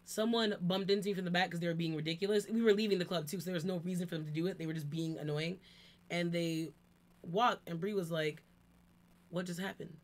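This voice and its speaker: A woman hosting a casual chat, talkative and quick with asides. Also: fairly low pitch, steady tone. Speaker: channel host.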